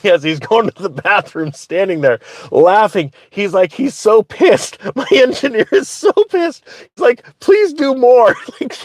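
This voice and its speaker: A man hosting his own channel, telling a story in a casual, animated way and often laughing as he talks. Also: high voice, dry recording, clean studio sound. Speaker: finance commentator, channel host.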